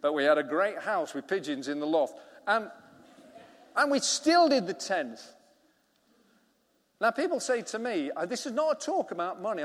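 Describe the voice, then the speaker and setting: A middle-aged man, preaching a sermon as a vicar and telling a story with acted-out dialogue. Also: high-pitched. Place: church hall. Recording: long reverb of a church hall.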